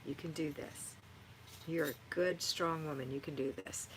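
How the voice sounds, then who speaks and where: A middle-aged woman with a lowish voice hosts a live stream. She reads viewer comments aloud and answers them with warm, motherly encouragement. Faint noise hums underneath. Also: fairly even intonation, normal speed, rough recording. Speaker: livestream host answering viewer chat. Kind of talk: live-stream chat and home advice.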